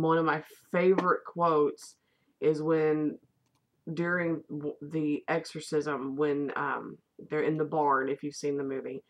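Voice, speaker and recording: Chatty woman vlogger rambling about a film. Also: low-pitched. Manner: rambling, chatty, swears casually. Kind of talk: casual movie review chat.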